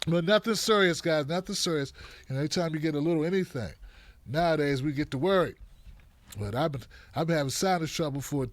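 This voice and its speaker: Animated man hosting a live stream. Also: fairly high pitch, fast talker, dry recording. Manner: lively and animated, playful asides to viewers. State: dry throat, clearing it often. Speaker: host of a live online show. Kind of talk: casual live-stream chat, greeting viewers.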